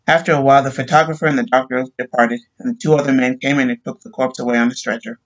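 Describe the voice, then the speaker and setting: A man reading a short story aloud, with a steady, plain storytelling delivery. His voice sits in a middle pitch, neither deep nor high. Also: fast talker, rough recording. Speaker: narrator.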